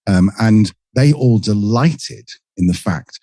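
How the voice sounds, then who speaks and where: A middle-aged British man with a low, dark, husky voice chats as a podcast guest. His pitch swings widely as he tells stories and acts out little quoted exchanges, and the dry recording keeps him close. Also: slow, no room sound. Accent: British English. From England. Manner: lively storyteller who acts out quoted exchanges. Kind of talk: casual conversational interview.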